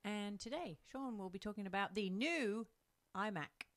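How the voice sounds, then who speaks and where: A woman co-hosting a podcast in casual chat, brisk and teasing. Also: mid-range voice, expressive. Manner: teasing, laughs often, brisk and matter-of-fact. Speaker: co-host.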